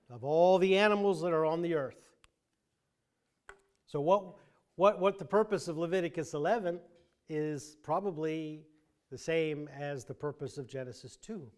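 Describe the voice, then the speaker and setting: A man's voice: on the high side, moderate pace. A man teaching a Bible class in a conversational way, thinking aloud with many restarts and dry asides. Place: church classroom.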